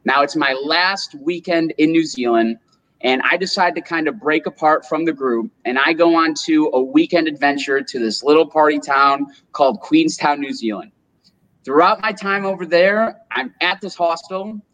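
A man in his twenties from upstate New York, an interview guest telling a long personal story in a lively, animated way. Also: fairly high pitch, moderate pace, poor audio. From Rochester, New York, US. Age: 20s. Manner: animated storyteller, acts out quotes. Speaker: guest, solar business owner.

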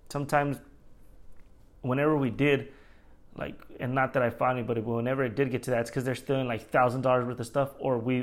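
A man's voice: mid-range voice, creaky. A man who works as a store manager, venting in a casual monologue, rambling, swearing often and laughing at himself.

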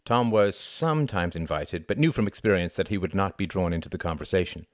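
A man reading a novel aloud as an audiobook narrator, in measured, even storytelling. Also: sits low, no echo, studio quality. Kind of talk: scripted narration.

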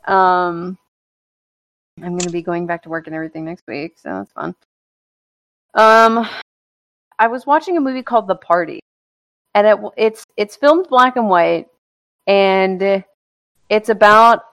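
A woman's voice: fairly low pitch, vocal fry, a bit bright, no room sound. A young woman co-hosting a podcast, telling a rambling, profane story in casual chat. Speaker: podcast co-host.

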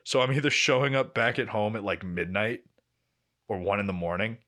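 This is a young podcast co-host whose voice runs low and whose delivery is fairly quick. In loose conversation he tells animated stories, voicing the quotes himself and swearing freely.

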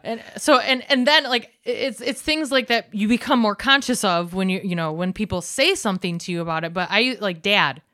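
A woman's voice: medium pitch, a little fast, hardly any pauses, fairly bright tone, no echo, studio quality. A young woman from South Dakota with a Midwestern accent, co-hosting a podcast in casual, laughing chat full of fillers and restarts. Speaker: podcast co-host.

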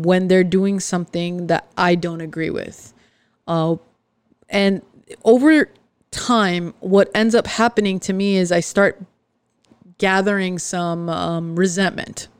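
A woman hosting her own podcast, talking earnestly and confessionally, with frequent pauses and fillers. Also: on the low side, darkish tone, clean tone, no room sound. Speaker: podcast host. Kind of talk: candid personal podcast monologue.

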